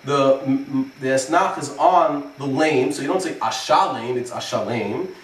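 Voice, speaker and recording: A rabbi explaining the cantillation of verses in a relaxed lesson, pausing to chant phrases as examples. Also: male voice, medium pitch, far from the mic. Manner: explains slowly, then chants phrases to demonstrate. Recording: echoey room, voice from off-mic.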